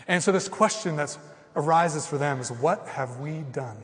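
A man preaching a sermon with passion, jumping from loud outbursts to hushed, quiet asides. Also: on the high side, moderate pace. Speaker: pastor. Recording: long hall reverb.

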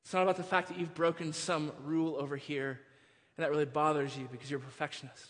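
A man preaching a sermon as pastor, moving between hushed storytelling and impassioned, near-shouted preaching. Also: on the high side, little pitch movement, quick pace, few pauses, big-room sound.

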